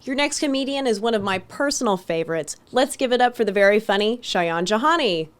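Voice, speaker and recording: A woman's voice: on the high side, expressive, a little fast, slight background noise. A woman hosting an event, giving an upbeat introduction to the next comedian. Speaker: event host.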